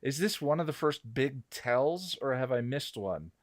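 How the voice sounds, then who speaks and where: Animated man hosting a panel chat. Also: medium pitch, no room sound, clean studio sound. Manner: animated, halting with restarts. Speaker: podcast host. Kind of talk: casual panel discussion.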